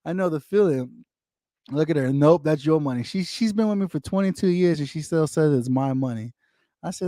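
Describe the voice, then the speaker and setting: A man's voice: on the high side, fairly quick, dark tone, no echo, clean studio sound. A man, rambling and repeating himself as he chats casually with livestream viewers and greets them by name. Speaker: livestream host. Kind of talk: casual livestream chat reading viewer comments. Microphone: desktop microphone.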